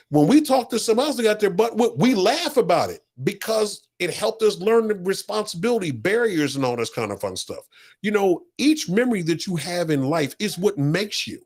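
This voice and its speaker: Male podcast co-host, motivational storyteller, slightly high, very animated pitch. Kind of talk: casual heartfelt podcast talk.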